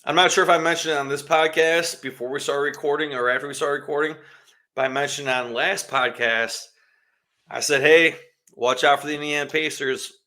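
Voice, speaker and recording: A man's voice: on the high side, steady tone, brisk, bright, forceful tone. A man co-hosting a casual sports podcast, rambling and restarting his sentences as he talks. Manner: rambling, stumbles over names and restarts. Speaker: podcast co-host.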